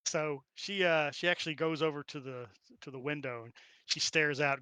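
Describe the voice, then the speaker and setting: A woman narrating as dungeon master, casual with quick asides and laughter. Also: deep voice, pushed and bright, clean tone, no room sound. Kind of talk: narrating a tabletop game.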